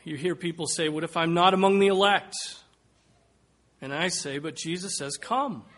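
A man preaching a sermon, slow and emphatic, dropping to a hush and rising to loud calls. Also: on the high side. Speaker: pastor.

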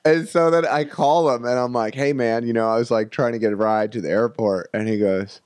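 A man's voice: medium pitch, steady tone, a little fast, a little mellow, clean tone, dry recording. Rambling man telling a story. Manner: rambling, laughs often, acts out other people's lines. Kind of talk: casual storytelling.

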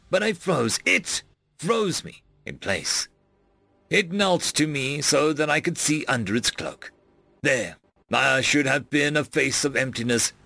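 Man reading stories out loud, gravelly voice, really animated delivery, soft music under it. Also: fairly high pitch. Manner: expressive, dramatic reading. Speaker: story narrator. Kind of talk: scripted story reading.

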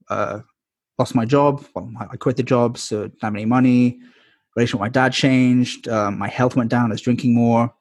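A man's voice: mid-range voice, no echo, clean studio sound. A man in his twenties or thirties, a podcast guest, telling his life story candidly with many ums and likes. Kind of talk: casual storytelling interview.

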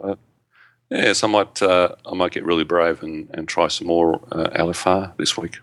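A man with a deep voice and a crisp, forceful edge talks casually as a podcast co-host. He rambles, restarts his sentences and trails off as he goes. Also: level tone, no echo. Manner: rambling, halting, with frequent restarts and laughs. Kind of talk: casual chat.

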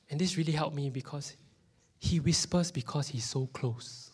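With a fairly high, husky voice at a moderate pace, a pastor in his thirties with a Singaporean English accent gives an animated sermon in a church hall. For emphasis he occasionally lowers his voice to a whisper.

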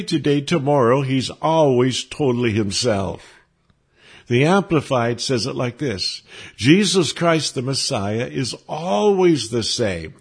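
Husky-voiced man preaching a sermon. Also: medium pitch. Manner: earnest, quotes scripture often, warm closing prayer.

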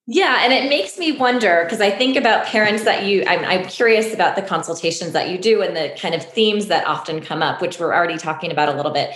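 A woman's voice: on the low side, fast talker, few pauses, a bit bright. A woman hosting an interview, asking thoughtful, searching questions with a few restarts. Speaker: interview host. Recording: echoey room.

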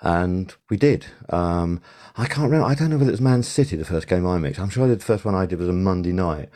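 An older man's voice sits low and mellow as he talks through old work stories as an interview guest. He rambles, doubles back and corrects himself in a loose, conversational way. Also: fast talker. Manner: rambling, self-correcting storyteller. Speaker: interview guest, TV sound supervisor. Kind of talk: casual interview recollection.

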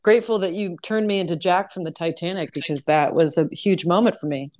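A woman's voice: on the low side, a little fast, a little mellow, dry recording, studio quality. A woman guest on a podcast, chatting casually, laughing easily and acting out conversations as she tells a story. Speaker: guest musician.

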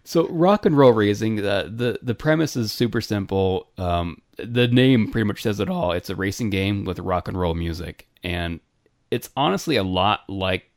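Deep-voiced man in casual game chat. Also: normal speed, dry recording, studio quality. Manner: relaxed, rambling, many fillers and restarts. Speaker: podcast co-host. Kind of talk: casual retro gaming chat.

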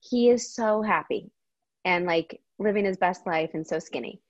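A woman's voice: lowish voice, moderate pace, dry recording, highs cut off. A middle-aged woman guest in a casual chat, speaking candidly and expressively.

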